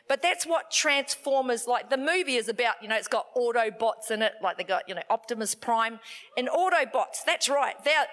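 A woman's voice: on the high side, fairly bright tone. A woman in her forties with a New Zealand accent, preaching a sermon in a chatty, upbeat way with lots of fillers.

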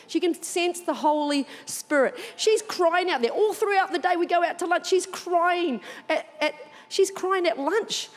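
A woman giving an animated sermon testimony in church, telling her story expressively. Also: very high-pitched, unhurried, big-room sound. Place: church auditorium.

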